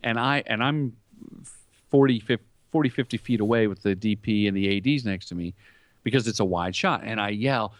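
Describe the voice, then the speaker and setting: A middle-aged man with a fairly low voice tells stories from work in an interview. He talks in animated bursts, acting out the lines people said. The sound is dry and close, with little room to it. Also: a little fast, no echo. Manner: animated anecdotes, acts out quoted lines. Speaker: guest, commercial director and comedian. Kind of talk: storytelling interview talk.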